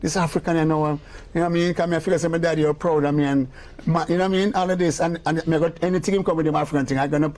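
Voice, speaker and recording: Animated older Jamaican man telling stories. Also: fairly high pitch, racing. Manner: animated storyteller who slips into patois and acts out the people he quotes. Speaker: music producer, interview guest. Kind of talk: storytelling in a casual interview.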